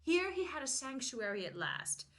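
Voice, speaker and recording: An earnest older woman pouring out a confession to a priest, as a woman reads her part. The delivery is dramatic, in a bright, fairly high voice. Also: sing-song, moderate pace.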